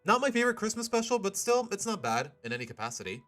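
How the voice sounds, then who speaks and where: Male streamer host, lively, bright tone, rambling casual chat. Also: high voice, fast, faint music behind. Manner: animated, rambling, self-interrupting.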